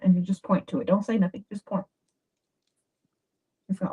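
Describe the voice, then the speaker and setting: A woman giving dating advice in a chatty, animated livestream talk. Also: medium pitch, a little fast, long pauses, husky. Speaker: advice host. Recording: dull lo-fi sound.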